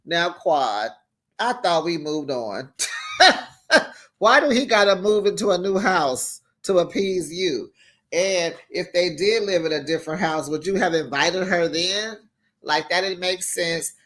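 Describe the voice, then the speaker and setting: This reality TV recap host speaks in a high, fairly bright voice with lively intonation at an unhurried pace. His commentary on the show is casual, sassy, and chatty, broken up by frequent laughter.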